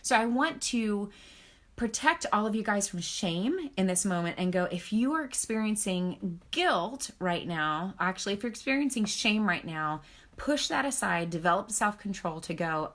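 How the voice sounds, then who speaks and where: A woman's voice: medium pitch, animated, moderate pace, a bit bright. A woman marriage counselor speaking on a live stream, talking earnestly and encouragingly, checking in with her viewers and reading out their comments. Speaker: marriage counselor and author hosting a book club live stream. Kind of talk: casual teaching on a live video stream.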